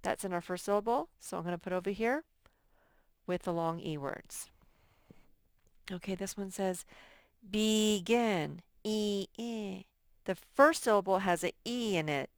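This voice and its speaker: A woman's voice: medium pitch, clear, resonant tone, no echo, clean studio sound. A woman teacher giving a recorded phonics lesson to young children, patient and thinking aloud as she works. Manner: slow, patient, thinks aloud while sorting words.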